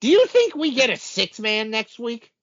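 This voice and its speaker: A man's voice: very high-pitched, sing-song, normal speed, a bit bright. A man co-hosting a casual wrestling chat, recapping events in a rambling way with lots of fillers. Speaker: podcast co-host. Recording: dull lo-fi audio.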